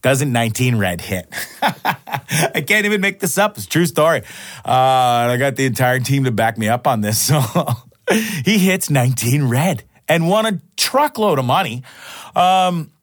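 A man's voice: medium pitch, lively intonation, normal speed, dry recording, studio quality. A man hosting his own podcast, telling a story in a rambling way and swearing casually. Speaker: podcast host.

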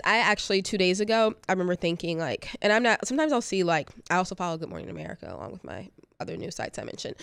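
A woman in her thirties talks casually on a podcast, her voice sitting fairly low and sounding dry and close. She rambles, laughs often and fills her sentences with "like", speaking right into a studio microphone. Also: no echo. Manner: chatty, rambling, laughing, lots of "like". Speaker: co-host.

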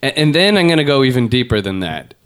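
A man's voice: medium pitch, very animated, fast, fairly bright tone, clean tone. A man hosting a podcast in casual chat, rambling and joking with many fillers. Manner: rambling, jokey, lots of fillers. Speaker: podcast host.

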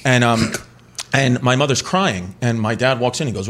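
A man's voice: mid-range voice, quick pace. A man in his forties, a comedian guest telling a story on a talk show in a rambling, self-interrupting way, slipping into voices for the people in it. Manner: rambling, self-interrupting, breaks into laughter and impressions.

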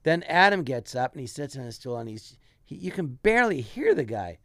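A man's voice: medium pitch, big pitch swings, brisk, a bit bright, no room sound, clean studio sound. A man telling a rambling comic anecdote as a guest, with frequent restarts. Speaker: guest comedian. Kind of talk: casual storytelling.

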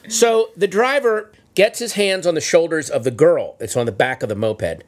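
A man telling a comic story in casual chat, acting out the shouted lines of the people in it. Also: a little high, animated, moderate pace. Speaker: storyteller guest.

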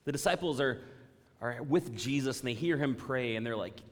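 A man preaching a sermon as pastor, conversational and animated, acting out the voices of the people in his examples. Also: medium pitch, normal speed. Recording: long hall reverb.

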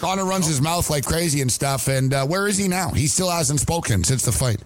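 Male sports-radio co-host, casual and rambling, slightly high voice. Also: lively intonation, fairly quick. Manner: loose and chatty, full of likes and you-knows. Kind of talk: casual sports talk chat.

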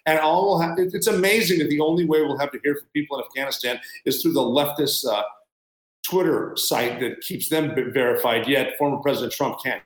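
Male guest, ex-military, blunt and sarcastic, higher-pitched, roomy echo. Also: steady tone, fairly quick. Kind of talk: casual interview talk.

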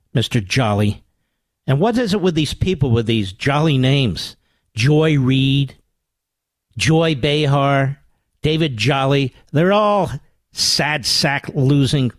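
Combative sarcastic talk radio man. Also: no echo. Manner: swings from low growls to high exclamations. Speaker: radio talk show host. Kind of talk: political talk radio monologue. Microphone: studio microphone.

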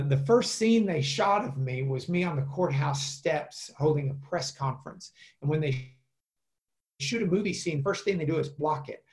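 A trial lawyer in an interview, a man telling anecdotes with lively energy and plenty of restarts. His voice sits a little on the higher side for a man. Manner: animated anecdotes with many fillers and restarts. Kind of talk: casual storytelling interview.

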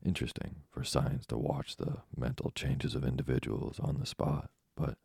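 A man's voice: rumbling low, level tone, normal speed, vocal fry, a little mellow, husky, no echo, studio quality, full character voice. A man reading an audiobook, voicing an eccentric old doctor who speaks in a mumbling, matter-of-fact, imperturbable way. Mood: dry, probing. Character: eccentric old male French doctor, calm, probing.

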